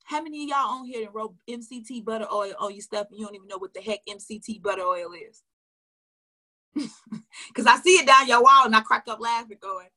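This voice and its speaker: Bright, high-voiced woman coaching emphatically. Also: brisk. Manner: emphatic, chatty, addresses viewers directly, laughs often. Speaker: sales coach. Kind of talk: casual motivational coaching talk. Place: recorded for an online video.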